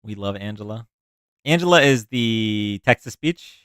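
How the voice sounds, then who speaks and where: A man's voice: lowish voice, lively intonation, a little slow, a bit bright, clear, resonant tone, no room sound, clean studio sound. A man hosting a casual livestream, chatting and explaining a word game to his chat with frequent restarts. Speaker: livestream host.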